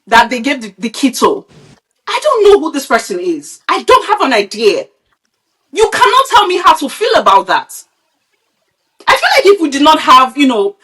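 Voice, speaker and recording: A woman's voice: high-pitched, a bit bright. A woman from Nigeria, a podcast co-host, ranting bluntly and with a lot of swearing in casual, opinionated chat. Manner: blunt, profane, heated ranting.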